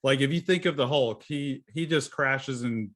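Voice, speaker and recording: A man's voice: mid-range voice, a bit bright. Chatty man running a tabletop game. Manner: chatty, halting, laughs often. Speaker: game master.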